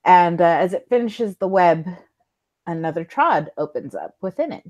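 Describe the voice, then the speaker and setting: A woman's voice: fairly low pitch, expressive, moderate pace, a little mellow, poor audio. A woman running a tabletop game as storyteller, narrating casually with lots of fillers, restarts and laughter. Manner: giggly, with many fillers and restarts.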